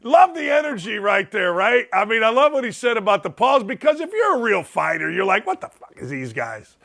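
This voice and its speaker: A middle-aged man hosting a sports talk show, loud and fired up, ranting with bursts of shouting. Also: very high-pitched, big pitch swings, brisk, creaky.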